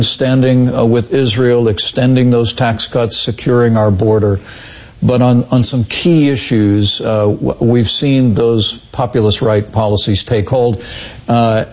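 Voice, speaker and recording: Deliberate male interview guest. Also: medium pitch, fairly even intonation, a little mellow. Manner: deliberate, halting with fillers. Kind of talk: interview soundbite.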